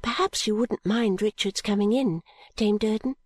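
A woman voicing a shy, tender young woman in love, speaking softly and bashfully, sometimes in a whisper. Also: medium pitch, moderate pace, no echo, clean studio sound, natural voice. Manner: soft and bashful, often whispery.

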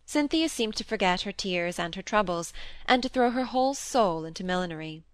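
A woman narrating a classic novel in a measured, even storytelling manner. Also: mid-range voice, no room sound. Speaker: audiobook reader. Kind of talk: scripted narration.

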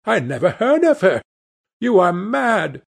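A man voicing a cornered young gentleman who turns cold and triumphant, his voice raised and strained. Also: a little high, a little fast, slightly rough. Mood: panicked.

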